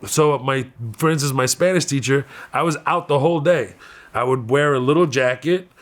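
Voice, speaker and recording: A man with a Houston Texan accent telling stories from his youth in a candid interview, animated and laughing often. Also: medium pitch, moderate pace. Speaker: comedian guest.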